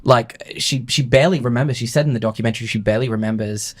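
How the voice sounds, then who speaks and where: A young man co-hosting a casual podcast, animated and quick in excited bursts. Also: mid-range voice.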